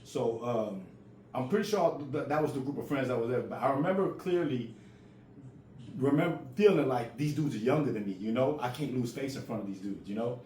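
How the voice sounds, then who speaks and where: A man's voice: medium pitch, expressive, fairly quick, darkish tone. A man in his forties who stutters, telling a personal story in a casual, raw way. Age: 40s. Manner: stutters, repeats words. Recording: roomy with faint ambient noise.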